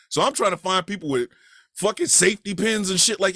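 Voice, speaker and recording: High, lively man telling a wild story. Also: brisk, no room sound, clean studio sound. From Kansas City, USA. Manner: animated and profane, acts out quoted voices, bursts into shouting. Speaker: podcast storyteller. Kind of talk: casual comedic storytelling.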